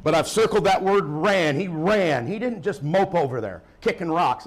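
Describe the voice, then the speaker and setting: A man preaching a sermon in church, swinging from emphatic calls to quiet, joking asides. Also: high voice, animated, moderate pace, few pauses. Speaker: pastor.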